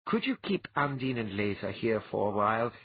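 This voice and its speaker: A man voicing a wry, confident man with dry humor and a husky sound. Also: fairly low pitch, sing-song, moderate pace, dry recording, dull audio, full character voice.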